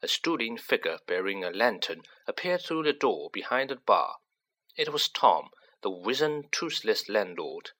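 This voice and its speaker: Male audiobook narrator: slow, bright, lively in pitch. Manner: unhurried, expressive. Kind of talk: storybook narration.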